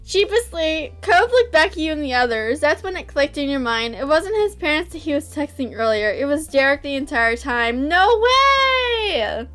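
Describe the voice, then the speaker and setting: A woman reading a visual novel aloud and reacting, excitable and gushing, often shrieking with delight. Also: high-pitched, moderate pace, hardly any pauses, faint music behind.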